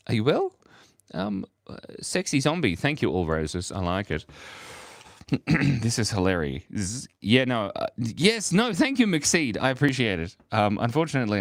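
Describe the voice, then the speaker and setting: A man's voice: sits low, no echo, clean studio sound. An Australian man chatting casually on a drawing livestream, playful and reading out viewer comments. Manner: playful, reads viewer comments aloud, laughs often. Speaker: livestream artist.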